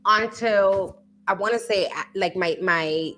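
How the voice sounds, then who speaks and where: A woman's voice: mid-range voice, unhurried, pushed and bright, faint music behind. A woman in her thirties co-hosting a casual chat, candid and profane, with lots of fillers and emphatic asides. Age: 30s. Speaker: podcast co-host.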